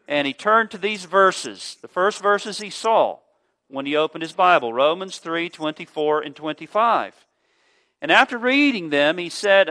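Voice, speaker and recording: A man preaching a sermon, telling a story in an earnest, measured way with small filler pauses. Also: fairly high pitch, sharp tone.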